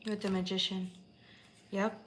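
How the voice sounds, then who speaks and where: A woman's voice: mid-range voice, little pitch movement, unhurried, very noisy. A woman giving a tarot reading on a live stream, talking in an emphatic, emotional way and swearing freely. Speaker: tarot reader.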